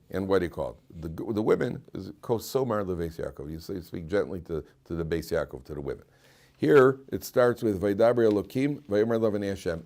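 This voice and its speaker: A man's voice: low voice, darkish tone. A man, a rabbi, giving an informal Torah lecture in a conversational, joking way, often repeating and restarting his words. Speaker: rabbi teaching a weekly Torah class.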